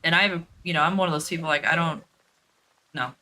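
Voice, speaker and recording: A woman's voice: sits low, quick pace, pushed and bright, a little hiss or hum. A woman telling a story in a blunt, profane, casual way while streaming a game, with lots of fillers and repeats.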